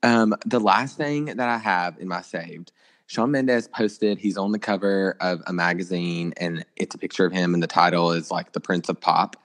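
A man's voice: low voice, moderate pace, a bit bright. A young man co-hosting a podcast, chatting casually about celebrity gossip with lots of filler words. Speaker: podcast co-host.

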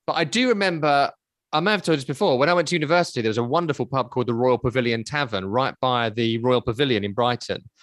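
A man's voice: medium pitch, quick pace, fairly bright tone, no echo, studio quality. A man in his thirties co-hosting a podcast, chatting casually and telling stories with self-deprecating asides. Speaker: podcast co-host. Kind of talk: casual chat.

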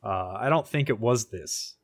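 A man's voice: lowish voice, expressive, a little slow, no echo, clean studio sound. A man playing a tabletop game, joking in a wry, offhand way. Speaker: player.

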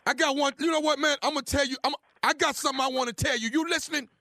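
A man on a morning radio show, running a prank call and bantering loudly. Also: extremely high pitch, fairly even intonation, no room sound, studio quality. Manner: brash, confrontational, quick to laugh. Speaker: radio prank caller and co-host.

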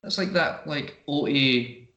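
A man hosting a podcast, swearing freely and telling animated stories in casual banter. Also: fairly high pitch, slow pace, roomy sound, lo-fi sound. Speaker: podcast host.

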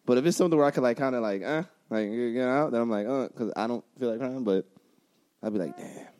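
A man's voice: mid-range voice, fast talker, a little mellow. A young man co-hosting a podcast in an easygoing, casual way, often hesitating and searching for words. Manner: easygoing, hesitant, many fillers. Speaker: podcast co-host.

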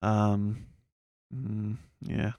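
A man's voice: on the low side, level tone, extremely slow, a little mellow, no echo. A man co-hosting a podcast, recapping a TV episode in casual, hesitant chat with lots of fillers. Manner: rambling, hesitant with many fillers. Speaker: podcast co-host.

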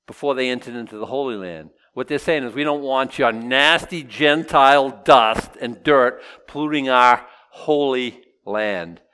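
A man preaching a casual, humorous sermon, stopping to joke and voice imagined objections. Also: medium pitch. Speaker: pastor. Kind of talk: sermon with verse-by-verse teaching.

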